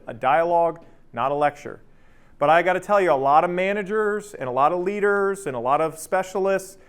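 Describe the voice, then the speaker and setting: Smooth and slightly high, this voice belongs to a man in his thirties giving a casual workshop at work. He chats conversationally, keeps checking in with "right?", and lively acts out his stories.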